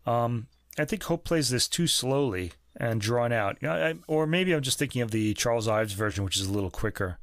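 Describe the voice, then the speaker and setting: A man's voice: mid-range voice, animated, moderate pace, few pauses, dry recording, studio quality. A man co-hosting a music podcast, chatting in a jokey, opinionated way with lots of fillers. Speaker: podcast co-host. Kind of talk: casual music review chat. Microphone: podcast microphone.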